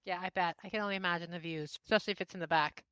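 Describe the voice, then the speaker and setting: A woman hosting a podcast, chatting casually and asking curious questions with quick interjections. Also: on the low side, fairly even intonation, fairly bright tone, smooth, no room sound. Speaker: podcast host.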